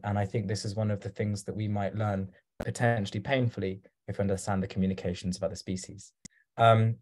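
Mellow-voiced man, rambling with fillers. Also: fairly low pitch. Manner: rambling, hesitant, with many fillers. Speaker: guest speaker. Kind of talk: talk given over video call. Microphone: video call.

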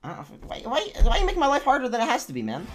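A young man streaming a game, chatting casually, laughing a lot, swearing and shouting at the game. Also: extremely high pitch, huge pitch swings, racing, a little hiss or hum. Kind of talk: casual live-stream chat while gaming.

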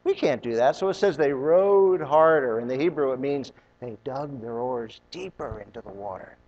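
A man preaching a sermon as pastor, animated, acting out the voices of biblical figures and rising high when he gets excited. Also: moderate pace. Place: church sanctuary. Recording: dull lo-fi sound with long hall reverb.

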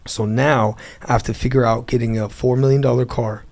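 A man's voice: mid-range voice, fairly even intonation, brisk, vocal fry, darkish tone. A man, a guest in a casual interview, telling a long story and acting out the phone calls in it. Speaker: interview guest, car dealer.

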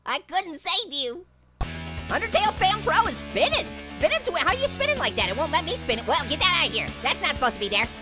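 A man's voice: very animated, fast. A man voicing a hyperactive, giggly male talking orange in a cartoon let's-play, squealing and joking through close calls. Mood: giddy. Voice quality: squeaky, high and nasal with constant giggles. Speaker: gaming channel host. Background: game music.

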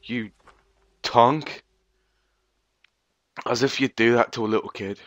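A man giving casual let's-play commentary, sweary and sarcastic, reacting out loud to what happens in the game. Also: medium pitch, fairly even intonation, fast talker, no room sound. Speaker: gamer.

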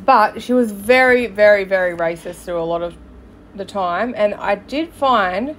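A woman's voice: medium pitch, measured pace, a bit bright, a little hiss or hum. A woman hosting a podcast, reading posts aloud and breaking off into sarcastic, swearing asides with frequent laughter. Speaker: podcast host.

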